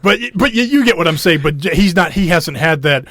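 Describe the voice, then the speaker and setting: A man's voice: fairly high pitch, expressive, a little fast, fairly bright tone, no echo. A man co-hosting a podcast in casual chat, rambling through recaps with many restarts and fillers. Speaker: podcast co-host.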